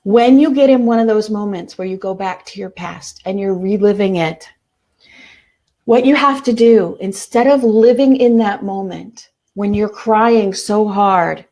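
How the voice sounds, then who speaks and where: A middle-aged woman hosting a spiritual self-help talk, speaking earnestly and slowing down for repeated affirmations. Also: medium pitch, a little mellow. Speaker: self-help show host.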